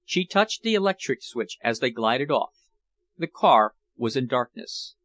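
Expressive male audiobook narrator. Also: medium pitch, no room sound. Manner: expressive, measured reading.

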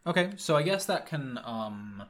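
A man's voice: fairly high pitch, sing-song, moderate pace, a bit bright. A man from Michigan narrating a tabletop game as game master. He rambles and trails off, filling gaps with "uh" and "like" as he lays out the scene. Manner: rambling, filler-heavy.

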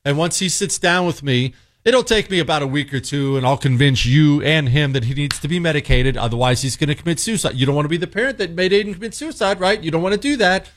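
A man's voice: fairly high pitch, expressive, quick pace, few pauses, lightly acted. A man voicing a condescending, scheming male counselor who talks down to a parent. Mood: smarmy. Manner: condescending, falsely soothing.

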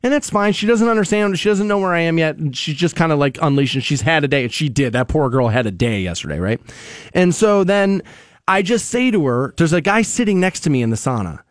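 A man's voice: a little high, lively intonation, brisk, dry recording. Chatty man, dry studio radio voice. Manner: rambling storyteller, many fillers and restarts. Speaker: radio show host. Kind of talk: casual morning radio chat. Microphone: studio microphone.

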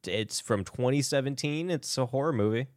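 A man's voice: medium pitch, moderate pace, no room sound, studio quality. A man co-hosting a casual movie podcast, rambling and laughing through his sentences. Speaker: podcast co-host.

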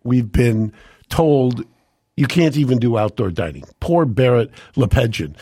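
A man's voice: mid-range voice, expressive, a little slow, dark tone, slightly rough, no room sound. A man co-hosting a studio podcast, speaking in an emphatic, indignant way. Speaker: podcast co-host, lawyer. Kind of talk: casual talk-show banter.

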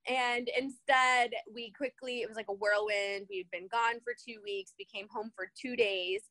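A woman's voice: fairly high pitch, fairly even intonation, moderate pace, pushed and bright, no echo. A woman telling stories animatedly in a casual conversation, often laughing as she talks.

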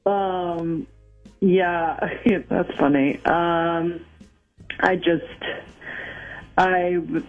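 A woman on a phone call, answering haltingly with many pauses and nervous laughs. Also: on the low side, fairly even intonation, faint music behind. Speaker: radio contest call recipient. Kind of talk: phone conversation. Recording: tinny phone line.

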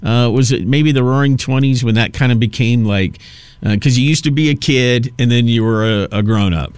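A man's voice: mid-range voice, normal speed, a little mellow, clean tone, no room sound. A man in his fifties hosting a talk radio show, rambling through a casual monologue with many restarts and asides. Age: 50s.

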